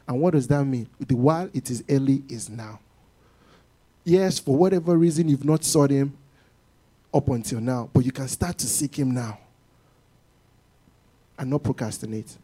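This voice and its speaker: A man preaching a sermon to a congregation in an animated way, often acting out what people say. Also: a little high, normal speed, pauses often.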